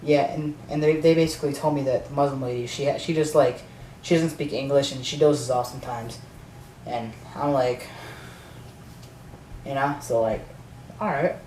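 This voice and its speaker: A man's voice: mid-range voice, fairly even intonation, moderate pace, long pauses, a little mellow. Guy ranting a storytime, cusses a lot, says like constantly, far off mic, faint hiss. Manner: rambling, profane, full of "like" and restarts. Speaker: vlogger telling a story. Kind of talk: casual storytime rant. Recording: echoey room, distant mic, faint noise.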